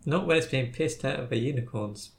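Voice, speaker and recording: A woman's voice: very deep voice, a little fast, gravelly, darkish tone, faint music behind. A woman co-hosting a casual podcast, dropping dry wisecracks into the conversation. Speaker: podcast co-host. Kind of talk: casual comedic chat.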